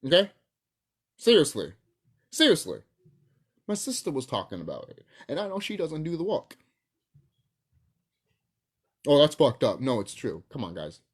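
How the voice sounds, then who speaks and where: A young adult vlogger rants to camera in a loose, profane ramble, stumbling through fillers and restarts. The voice is husky and a little breathy. The pitch swings widely from line to line, and the delivery is casual and unscripted. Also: wildly swooping pitch, normal speed.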